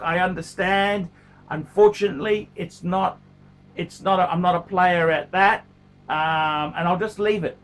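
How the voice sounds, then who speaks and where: A man's voice: sits high, a bit bright. A middle-aged man, talking casually to camera in a blunt, profane way and often repeating himself. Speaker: watch collector vlogger.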